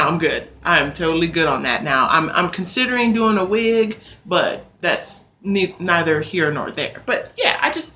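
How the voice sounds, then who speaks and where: A young adult woman vlogging to camera, ranting in an animated, exasperated way and swearing now and then. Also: on the low side, slight background noise. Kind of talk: ranting casual vlog.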